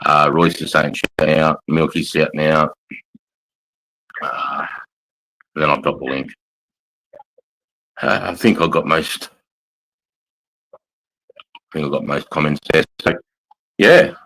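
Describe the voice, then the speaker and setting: Middle-aged Australian male streamer, very low voice, crude and matey, casual banter. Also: steady tone, slow pace, long pauses, fairly bright tone, rough recording. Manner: blunt, heavy swearing, matey. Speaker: livestream host, army veteran. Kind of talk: casual livestream chat, reading comments.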